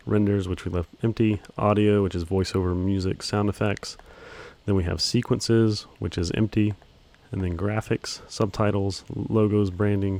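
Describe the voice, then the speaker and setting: A video editing instructor with a low voice teaches software in a screen-recorded tutorial. He describes his own voice as monotone, stays relaxed, and uses a lot of ums.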